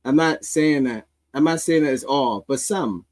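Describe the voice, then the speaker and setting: A man's voice: mid-range voice, moderate pace, a little mellow, rough recording. A man hosting a casual commentary stream, reacting to social media clips in a rambling, sardonic way with many restarts.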